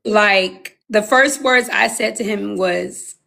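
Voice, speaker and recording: A woman in her thirties sharing a personal testimony as an interview guest, telling it with animated storytelling and acting out her own past words. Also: fairly high pitch, normal speed, creaky.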